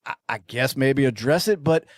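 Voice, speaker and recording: A man co-hosting a casual podcast chat, rambling and swearing, his voice often trailing off quietly at the ends of phrases. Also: medium pitch, lively intonation, normal speed, no echo. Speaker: podcast co-host.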